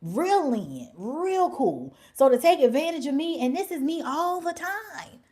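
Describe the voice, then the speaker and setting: A young woman hosts a casual livestream and tells her story bluntly, full of slang and swearing. Her voice sits fairly high and swings widely in pitch. Now and then she drops into a whisper. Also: big pitch swings, unhurried, warm tone. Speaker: livestream host.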